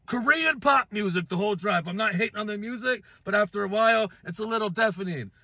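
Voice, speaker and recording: A man's voice: high voice, fast, pushed and bright, dry recording. A man from California telling a dating story in a casual storytime vlog, blunt and profane, asking viewers to judge him.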